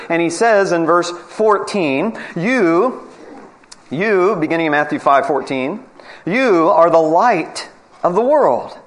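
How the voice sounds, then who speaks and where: A man preaching a sermon to his congregation, earnest, moving from brisk announcements to slow, emphatic scripture reading. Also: fairly high pitch, fairly bright tone.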